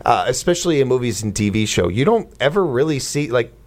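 Chatty male co-host, rambling delivery, lively pitch, casual talk-show energy. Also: fast talker. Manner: rambling, chatty with many fillers and restarts. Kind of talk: casual chat.

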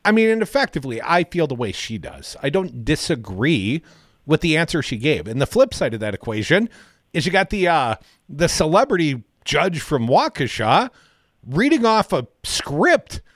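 A man's voice: on the high side, big pitch swings, moderate pace, no echo, clean studio sound. A man from Madison, Wisconsin co-hosting a casual political talk radio show, sarcastic and opinionated in a chatty way. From Madison, Wisconsin, USA.

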